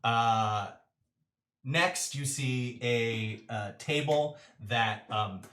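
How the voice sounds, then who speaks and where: A man's voice: mid-range voice, extremely slow, a bit bright, roomy sound. A man narrating a tabletop role-playing game as game master, with lots of fillers.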